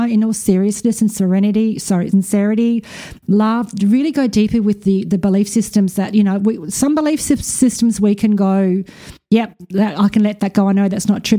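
A woman hosts a spiritual podcast in a loose, candid way, swearing freely and dropping quick asides. Her voice is mellow and warm. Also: mid-range voice. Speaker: podcast host; spiritual reader and coach. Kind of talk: casual spiritual talk.

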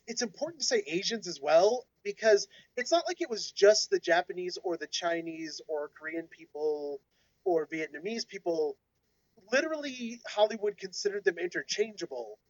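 Male podcast co-host, high voice, explainer type, dry close sound. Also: no room sound, highs cut off. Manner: explanatory, lecturing tone. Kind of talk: casual discussion.

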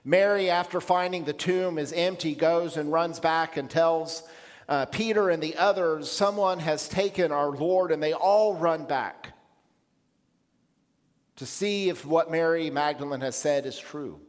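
Man, pastor, measured reflective sermon, slightly high voice, reverberant hall. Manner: measured, reflective preaching with pauses.

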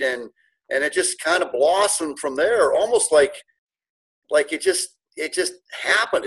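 A middle-aged man recounts his story in a relaxed interview, speaking with earnest, animated feeling and often restarting his sentences. His voice sits a bit higher than most men's and has a husky edge. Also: poor audio. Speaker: guest, car dealership owner.

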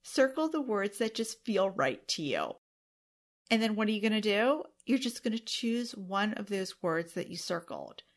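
A woman's voice: mid-range voice, expressive, normal speed. A woman hosting her own podcast alone, talking earnestly and emotionally to her listeners. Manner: emotional, earnest, tearful at times. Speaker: podcast host. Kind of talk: solo podcast monologue.

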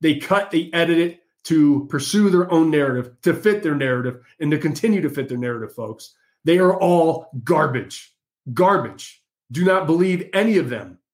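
A man's voice: fairly high pitch, animated, normal speed. A man hosting an opinionated political monologue, combative and mocking, talking straight to his listeners. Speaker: political commentary host.

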